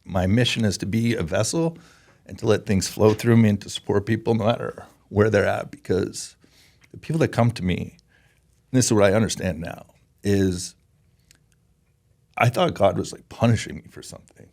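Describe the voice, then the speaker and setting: A man's voice: fairly low pitch, moderate pace, gravelly, a little mellow. A man in his forties from Canada, a podcast guest who speaks in an earnest, emotional way and often halts and restarts. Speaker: podcast guest, former pro hockey player. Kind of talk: candid interview talk.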